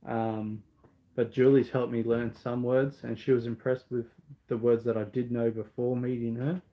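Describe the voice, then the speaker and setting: A man's voice: mid-range voice, flat delivery, moderate pace, lo-fi sound. A man with an Australian accent answering viewer questions in a casual live Q&A, talking in an earnest, rambling way full of ums and restarts.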